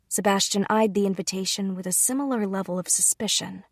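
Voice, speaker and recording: A woman reads a light novel aloud in first person, calm and even. Her voice is husky with a gravelly grain, and the sound is close and dry. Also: medium pitch, fairly quick, few pauses, no echo. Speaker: audiobook reader.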